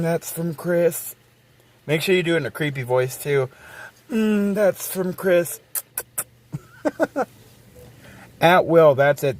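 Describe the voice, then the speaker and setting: A man hosting a casual livestream, rambling and swearing freely as he reads and answers chat messages aloud. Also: fairly high pitch. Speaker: livestream host.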